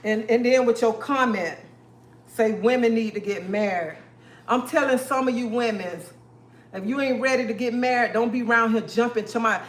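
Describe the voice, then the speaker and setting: Emphatic woman ranting on a live stream. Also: on the high side. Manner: emphatic and repetitive, calls listeners honey and baby. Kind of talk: live-stream rant to viewers. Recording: echoey room.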